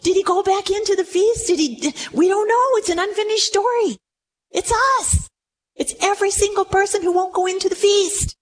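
A woman preaching a sermon to a room, retelling a story with animated, dramatic delivery. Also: extremely high pitch, moderate pace, low-quality recording. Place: room with audience.

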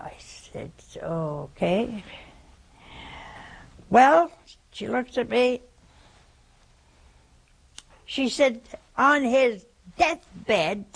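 A woman preaches slowly and tells her story in a folksy way, with asides to her viewers. Her voice is gravelly and husky. She takes her time. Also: fairly high pitch, very animated, a bit bright, rough recording. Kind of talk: sermon.

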